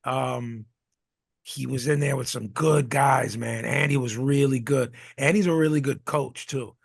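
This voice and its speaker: A man with a gravelly, creaky edge rambles through casual podcast chat. He stops, restarts and fills gaps with "um" and "you know". The sound is close and dry, with no room around it. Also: mid-range voice, steady tone, a little slow, no room sound. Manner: rambling, many restarts and fillers. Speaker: podcast co-host.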